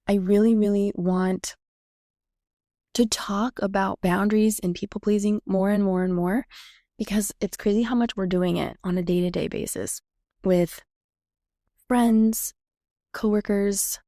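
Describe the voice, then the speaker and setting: Chatty woman with a gravelly edge. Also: mid-range voice, warm tone, dry recording, studio quality. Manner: chatty, reenacts quoted dialogue. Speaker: podcast host. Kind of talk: casual storytelling monologue.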